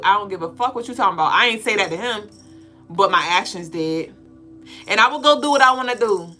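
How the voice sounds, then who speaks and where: Woman, casual spiritual live-stream host, swearing and joking, bright forceful voice, faint music underneath. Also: medium pitch. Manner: profane, joking, animated storytelling. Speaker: podcast co-host.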